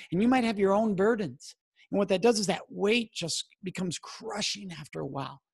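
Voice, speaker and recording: Middle-aged guy giving earnest advice, husky gravelly voice, leans on key words. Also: high voice, darkish tone. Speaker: speaker on sexual assault prevention. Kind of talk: direct-to-camera advice talk.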